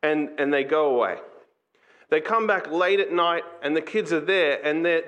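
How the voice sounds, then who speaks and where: A man preaching a sermon as pastor, earnest and conversational, slipping into quick acted asides. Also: on the high side, a bit bright.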